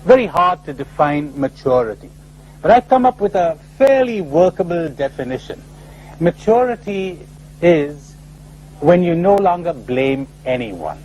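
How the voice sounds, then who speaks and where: A man giving a spiritual talk to a live audience, animated and full of rhetorical questions, often acting out other people's replies. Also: fairly high pitch, measured pace, a little hiss or hum, poor audio. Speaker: spiritual speaker. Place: lecture before a live audience.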